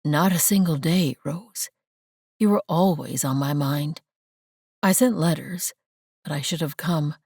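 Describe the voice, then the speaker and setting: A woman reading the part of a remorseful young man in an audiobook, voicing him low and soft. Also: unhurried, pauses often, husky, no echo, clean studio sound, full character voice. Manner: low, soft-spoken, heartfelt.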